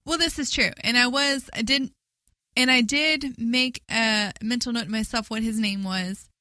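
A woman co-hosting a casual gaming podcast, chatty and quick to laugh. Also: fairly high pitch, fairly even intonation, bright, forceful tone, dry recording. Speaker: podcast co-host. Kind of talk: casual chat about gaming.

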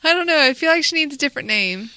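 A woman's voice: high-pitched, animated, very fast, pushed and bright, no echo. A woman co-hosting a casual gaming podcast, playful and teasing, often giggling. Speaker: podcast co-host.

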